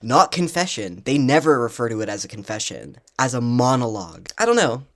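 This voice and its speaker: Home vlogger, fan analysis; passionate, profane, prone to loud excited rants. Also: medium pitch, brisk.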